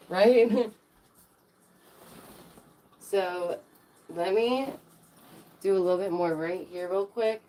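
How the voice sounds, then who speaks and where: A woman's voice: medium pitch, slow pace, pauses often, dark tone. A woman streaming live, chatting casually to her viewers in a rambling way, with lots of fillers and restarts.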